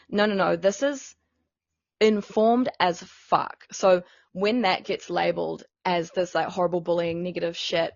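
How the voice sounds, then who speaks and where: A woman's voice: lowish voice, moderate pace, creaky, dry recording. A woman co-hosting a podcast in casual candid chat, emphatic and swearing often, with many "like" fillers. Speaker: podcast co-host. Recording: dull, dry, lo-fi sound.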